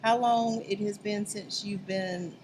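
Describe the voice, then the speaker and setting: A woman hosting an interview, asking her guest questions gently and with compassion. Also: medium pitch, steady tone, slow, noisy background. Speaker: talk show host.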